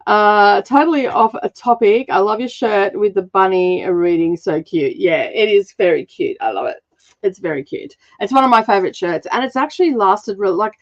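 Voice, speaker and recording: A woman's voice: medium pitch, highs cut off. A middle-aged woman hosting a craft livestream. She chats casually and rambles, laughing often and using lots of fillers. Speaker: craft channel host.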